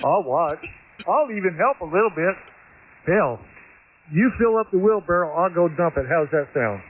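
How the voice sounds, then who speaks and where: Easygoing guy coming over a radio, kinda high voice, thin tinny line. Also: lively intonation, normal speed. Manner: easygoing, joking, says "by golly". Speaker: ham radio caller. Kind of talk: casual radio chat.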